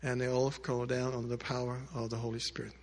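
Man, pastor, sermon storytelling, mid-pitched voice, loud then hushed, long hall reverb. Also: completely flat delivery, fast talker, vocal fry. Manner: swings between loud emphatic lines and quiet hushed ones; speaks directly to the congregation with asides.

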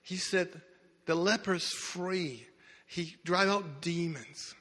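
A man's voice: high-pitched, slow pace, pushed and bright. A man preaching a sermon, telling a story dramatically with emphatic restarts. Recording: echoey hall reverb.

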